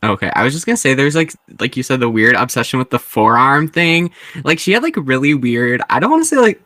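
A man's voice: medium pitch, sing-song, fairly quick, bright, forceful tone, no echo, clean studio sound. A man in a casual book discussion, bemused and hesitant, saying "like" often. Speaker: book club member.

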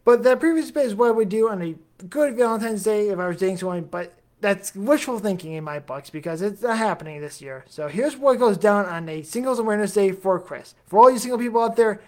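A man's voice: sits high, expressive, fairly quick, few pauses. A man hosting a solo podcast episode, talking straight to his listeners in a rambling, jokey way full of self-deprecating asides. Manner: chatty, addresses listeners directly. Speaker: podcast host.

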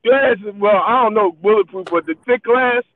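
High-voiced man telling a story over a tinny line. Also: normal speed, dry recording. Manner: loose, laughing, rambling. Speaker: podcast co-host. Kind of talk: casual storytelling chat.

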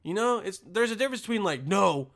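A man's voice: high-pitched, expressive, fast talker, a bit bright. A young man who works a motel front desk, telling a rambling, sarcastic work story full of swearing. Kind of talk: casual profane storytelling rant.

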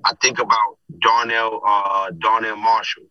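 A man's voice: lowish voice, measured pace, dry recording, muffled recording. A man who announces streetball games, chatting animatedly on a podcast and often checking in with "you understand?". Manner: animated, re-enacts conversations in quoted voices. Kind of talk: casual podcast chat.

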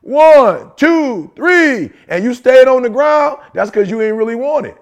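A middle-aged man co-hosting a podcast, talking in an animated, slangy motivational way and repeating phrases for emphasis. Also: very high voice, a little fast. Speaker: podcast co-host. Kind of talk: motivational casual chat.

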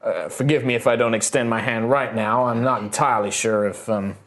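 A man's voice: medium pitch, fairly even intonation, brisk, fairly bright tone, lightly acted. A man voicing a burly, wary farmer who speaks with a slight folksy drawl, polite but guarded. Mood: guarded friendly.

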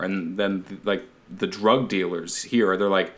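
Deep-voiced and fairly bright in tone, a Canadian co-host speaks unhurriedly with fairly even intonation and hardly any pauses. It's a relaxed chat where he pitches a show, rambling along, swearing, laughing frequently and playing with silly accents.

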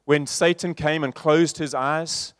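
A man preaching a sermon in a church, moving from loud repeated refrains to soft, slow passages. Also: on the high side, steady tone, smooth, no room sound, clean studio sound. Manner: rhetorical, building to loud repeated refrains then dropping soft.

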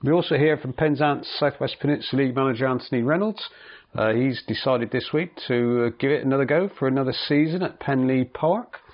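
A man's voice: medium pitch, fairly quick. A man hosting a local football radio show, chattily introducing the week's segments. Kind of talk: radio presenting. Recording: muffled radio audio.

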